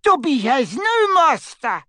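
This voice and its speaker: Woman putting on a small male house-elf, squeaky, very high, slow and emphatic, loyal, dry storybook reading. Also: sing-song, pushed and bright, no room sound, full character voice. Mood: defiant.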